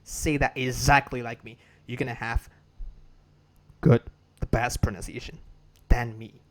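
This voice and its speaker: A man's voice: mid-range voice, steady tone, measured pace. A man with a Burmese accent giving a casual spoken English lesson, repeating and restarting phrases and drilling words for listeners to copy. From Myanmar. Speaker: English teacher.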